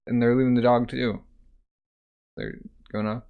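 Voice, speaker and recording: A man's voice: mid-range voice, steady tone, measured pace, vocal fry, clear, resonant tone, phone-quality sound. A man reading a manga aloud in a casual, laid-back way, with running commentary full of "like" and other fillers. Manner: laid-back, filler-heavy, keeps saying "like". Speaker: manga reader.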